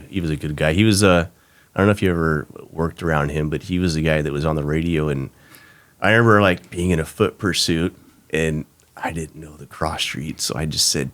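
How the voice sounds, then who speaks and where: Middle-aged ex-deputy guest, very deep voice, halting, full of fillers. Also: male voice. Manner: halting, many fillers and restarts, speeds up when excited. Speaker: retired sheriff's deputy, guest. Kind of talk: casual interview chat.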